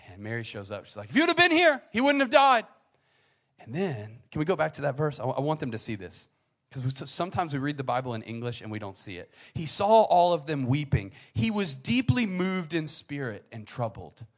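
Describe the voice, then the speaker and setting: Animated male preacher, hushed to loud. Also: brisk. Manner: conversational preaching, swinging from soft and low to loud and high, acting out voices. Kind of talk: sermon.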